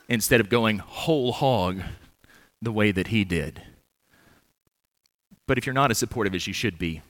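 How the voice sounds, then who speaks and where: A man preaching an earnest, measured sermon in church, with touches of gentle humor. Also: on the low side, no echo.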